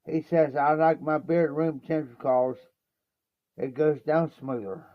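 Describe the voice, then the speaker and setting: A man's voice: on the high side, steady tone, normal speed, no echo. A man from Ohio telling a meandering story on a livestream, stacking up lots of "I said" and "he says". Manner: meandering, repeats "I said" and "he says" often. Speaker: livestream host. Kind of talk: rambling anecdote storytelling. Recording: dull lo-fi stream audio.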